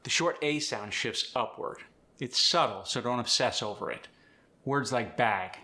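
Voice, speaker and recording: A man hosting an accent tutorial, explaining sounds clearly and giving example words. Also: mid-range voice, measured pace, pushed and bright. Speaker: accent coach. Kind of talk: instructional tutorial.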